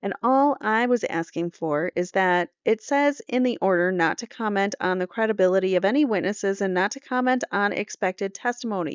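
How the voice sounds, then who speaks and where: Woman host reading court transcript then ranting about it, smooth clear voice, dry slightly dull sound. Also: medium pitch, normal speed, few pauses, no room sound. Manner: opinionated, conversational asides. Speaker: true crime court channel host. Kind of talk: reading trial transcript with commentary.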